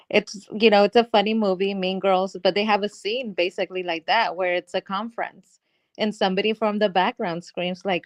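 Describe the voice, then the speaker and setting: A woman's voice: mid-range voice, steady tone, normal speed, no room sound. A woman co-hosting a live stream, chatting casually about a TV episode and earnestly explaining her points. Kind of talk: casual chat reviewing a TV episode.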